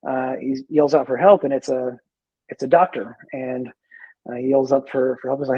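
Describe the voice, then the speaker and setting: A man who is a veteran in recovery, a guest in a casual interview, talking in a halting, easygoing way with many repeated words. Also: mid-range voice, fairly even intonation, husky, dry recording, dull audio.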